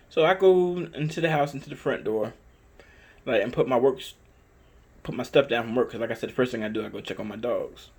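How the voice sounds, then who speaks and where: A man, casually telling a story in a vlog, animated and emphatic, with lots of cursing and repeated phrases. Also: medium pitch, fairly quick, slightly rough. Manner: animated, profane, emphatic retelling; repetitive, conversational phrasing. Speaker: dog owner telling a story.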